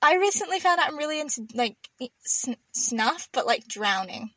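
A young woman co-hosting a casual podcast, playful and quick to laugh while telling stories. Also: high-pitched, lively intonation, heavy background noise. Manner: playful storyteller, laughs often. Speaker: podcast co-host. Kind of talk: casual chat.

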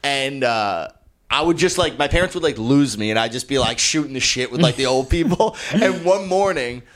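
A young man co-hosts a comedy podcast, swapping stories in relaxed conversation. His voice sits at a medium pitch and moves at a moderate pace, and he tells tales animatedly while swearing freely.

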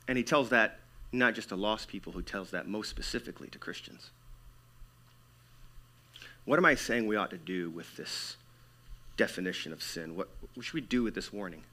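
A man preaching a sermon to his church, swinging between loud emphatic stretches and hushed, near-whispered lines. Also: mid-range voice, lively intonation, moderate pace. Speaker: pastor.

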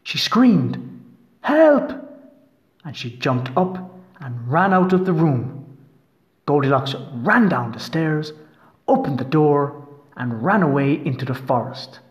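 A man reading a fairy tale aloud in an expressive, storytelling manner. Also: fairly high pitch, measured pace, highs cut off.

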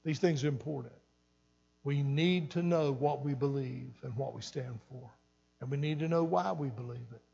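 A man's voice: medium pitch, moderate pace, creaky, dark tone, husky, lo-fi sound. An older man pastor preaching an earnest sermon, repeating phrases for emphasis, recorded in a church hall. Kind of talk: sermon teaching. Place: church sanctuary.

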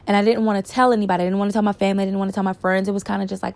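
A woman telling a personal story in a candid, reflective way, pausing and repeating words for emphasis. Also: medium pitch, little pitch movement, creaky, darkish tone. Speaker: storyteller sharing a personal experience.

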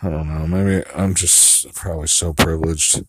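A man with a very low voice talks to himself in a loose, rambling monologue. He muses and swears casually, full of fillers. The sound is dry and close, with no room around it. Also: steady tone, moderate pace, husky, no room sound. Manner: musing and profane, with frequent fillers.

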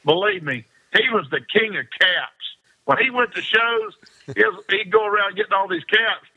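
A man's voice: high voice, normal speed, bright, forceful tone, breathy edge. A man, an interview guest spinning long rambling anecdotes in a casual chat and laughing often. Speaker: interview guest, fishing pro. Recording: dull lo-fi sound.

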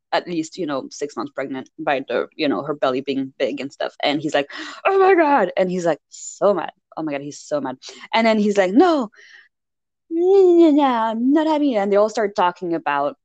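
A woman's voice: on the low side, fairly quick, no room sound. Woman ranting through a movie recap, jumpy voice, mocking everybody, dry close mic. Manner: animated, exasperated storytelling with mocking voices. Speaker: podcast co-host recapping a film. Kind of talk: casual chat.

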